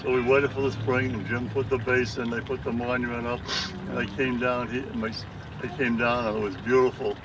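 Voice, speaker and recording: A man's voice: mid-range voice, flat delivery, fairly quick, dull audio. An older man, a mayor, telling a humorous personal story at an outdoor dedication ceremony in a rambling, folksy way. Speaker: mayor giving a dedication speech. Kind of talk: anecdotal ceremony speech. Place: outdoors at a cemetery. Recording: distant mic with outdoor noise.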